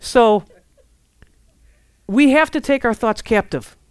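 Woman, sermon, conversational preaching, fairly high voice, smooth, dry recording. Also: takes it slowly, dry recording. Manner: lively, conversational, acts out prayers and inner voices.

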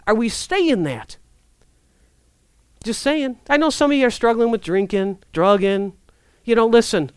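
A woman preaching a sermon in a conversational, lively way, acting out prayers and inner thoughts. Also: on the high side, measured pace, pauses often, smooth, dry recording, studio quality.

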